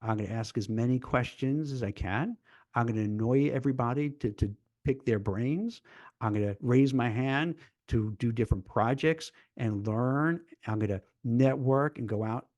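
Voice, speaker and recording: The sound is dry and lo-fi as a medium-pitched man talks at normal speed. He works as a recruiter and hosts a casual live-stream chat, speaking animatedly, acting out dialogue in mock voices, and repeating words when he gets fired up.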